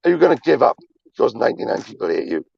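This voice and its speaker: Deep gravelly guy rambling on his stream, swears a lot, husky, dull lo-fi mic. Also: sing-song, rapid-fire, darkish tone, dry recording. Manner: emphatic, repetitive, swearing often. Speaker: livestreamer. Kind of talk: rambling confessional chat.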